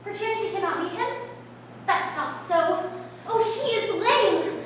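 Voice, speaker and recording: Actress as eager young girl in love, very high voice, slow delivery, echoey distant stage. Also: animated, slight background noise. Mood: longing. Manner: impatient, pleading, eager. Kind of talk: live stage acting. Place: outdoor stage. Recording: distant echoey stage recording, faint ambience.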